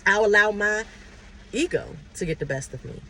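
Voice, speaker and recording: A woman's voice: mid-range voice, expressive, moderate pace, sharp tone, slight background noise. A woman talking earnestly and casually about her faith, sharing personal testimony while driving her car. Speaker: spiritual vlogger. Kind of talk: casual motivational talk.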